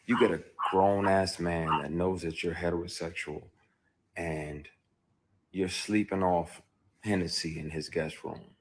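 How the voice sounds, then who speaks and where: A man, an actor, speaking candidly about a personal experience, telling it bluntly with frequent cursing and swinging between quiet brooding and loud bursts. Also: low voice, steady tone, a little slow, slight background noise. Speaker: actor recounting his experience.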